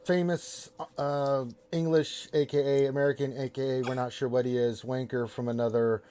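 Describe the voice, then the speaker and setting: A man's voice: medium pitch, moderate pace, a little hiss or hum. Male stream host, upbeat and playful, mid-range voice. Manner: energetic and jokey. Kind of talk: live stream hosting.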